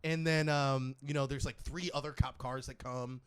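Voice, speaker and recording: A man's voice: mid-range voice, normal speed, crowd noise. A young man telling a funny story in casual podcast chat, laughing often as he goes. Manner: animated storyteller, laughing through anecdotes.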